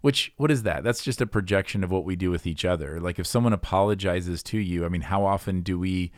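A man talking through faith and confession in an unhurried conversation, reflective and full of small restarts. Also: deep voice, no echo, studio quality. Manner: thoughtful, reflective, many restarts.

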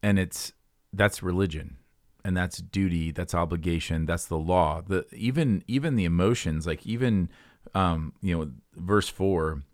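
A low-voiced man co-hosts a casual talk about faith. He speaks earnestly and rambles, with lots of fillers and restarted phrases. The sound is close and dry, with no room around it. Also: unhurried, dry recording. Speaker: co-host.

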